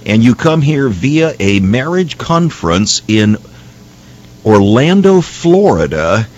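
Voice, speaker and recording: American guy hosting christian radio, earnest preachy tone, lots of uhs, lively up and down voice. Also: mid-range voice, slow, muffled recording. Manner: earnest, preacherly, with many fillers. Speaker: radio show host. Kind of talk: Christian radio talk show.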